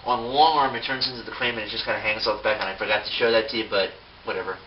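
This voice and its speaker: A man's voice: on the low side, steady tone, very fast. A man giving a casual, unscripted toy review, rambling with lots of fillers and self-mocking asides. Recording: distant mic, dull sound, faint hiss.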